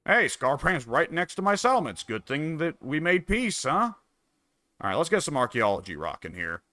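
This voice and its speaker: A man's voice: on the high side, big pitch swings, normal speed, sharp tone, no echo. A man casually commenting on his own strategy game, musing and wry, talking half to himself. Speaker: gameplay commentator.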